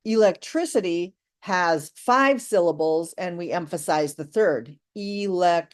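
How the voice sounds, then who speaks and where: Slow-paced woman English teacher. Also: on the low side. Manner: slow, deliberate, encouraging delivery. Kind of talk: online English lesson. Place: live online class.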